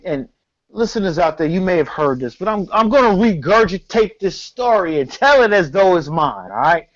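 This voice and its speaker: High-voiced dude telling a story, slangy and cussing, kinda muffled lo-fi sound. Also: male voice. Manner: animated, slangy, profane storyteller. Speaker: podcast co-host. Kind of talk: storytelling in casual chat.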